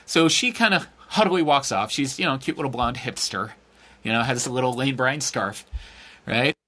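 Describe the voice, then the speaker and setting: A middle-aged man telling a story in a casual, sarcastic and profane way, acting out quotes with big jumps in his voice. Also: moderate pace. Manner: animated, acts out quotes with big pitch jumps.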